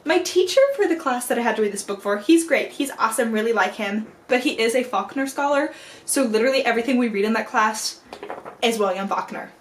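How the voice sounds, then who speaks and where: A young woman in college reviewing books in a casual, rambling vlog, animated and full of playful asides. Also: a little high, fairly quick, background noise. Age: young adult. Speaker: book vlogger. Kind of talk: casual chatty book review.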